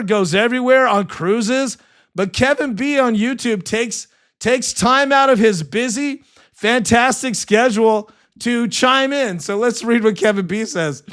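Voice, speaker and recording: A man's voice: very high voice, a little slow, fairly bright tone, clean tone. A man hosting a live sports stream, chatting casually and reading viewer comments, passionate and full of fillers.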